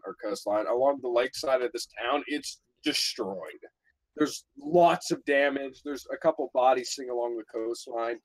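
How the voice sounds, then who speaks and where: A man's voice: mid-range voice, dry recording, low-quality recording. A young man narrating as game master in a casual tabletop session, often restarting his sentences.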